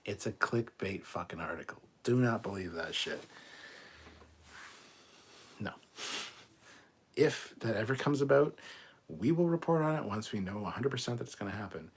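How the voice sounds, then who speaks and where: A man's voice: fairly low pitch, expressive, normal speed, pauses often, slightly rough. A man hosting a casual live stream, reading viewer comments aloud and answering them with blunt, profane asides. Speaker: livestream host.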